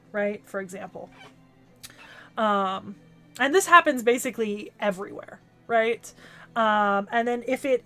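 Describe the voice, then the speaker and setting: A woman's voice: medium pitch, a bit bright. A young woman with a Californian accent chatting casually on an anime club podcast, rambling with lots of "like" and "um" and asking "right?". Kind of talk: casual chat.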